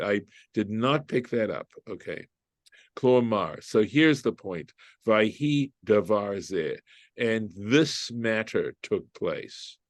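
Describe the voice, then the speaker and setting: Rabbi leading a casual study group; lowish voice, dry close sound, reasons aloud and keeps asking "right?". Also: male voice, no echo. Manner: thinking aloud, asks "right?" often, translates Hebrew phrases. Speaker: rabbi teaching a Torah study class. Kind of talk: informal group Bible study.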